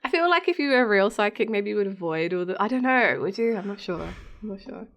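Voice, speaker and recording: A woman's voice: medium pitch, animated, quick pace, dull audio. A young woman co-hosting a podcast, chatting casually, laughing often and quoting characters in put-on voices. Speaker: podcast co-host. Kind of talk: casual chat.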